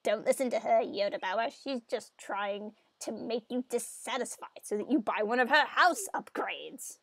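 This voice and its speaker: A woman voicing an older man who is mayor of a farm town, in a gruff put-on voice. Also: fairly high pitch, normal speed, fairly bright tone, dry recording, clean studio sound.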